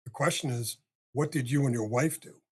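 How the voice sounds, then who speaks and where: An older man with a husky, slightly breathy voice tells a story as a podcast guest. He is animated and acts out each line of dialogue, with casual swearing. His pitch sits in a middle range for a man. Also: normal speed.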